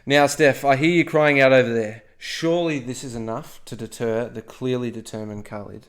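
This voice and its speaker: A man's voice: mid-range voice, steady tone, normal speed. Playful man telling history casually. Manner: playful, jokey asides, frequent "okay?". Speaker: podcast co-host.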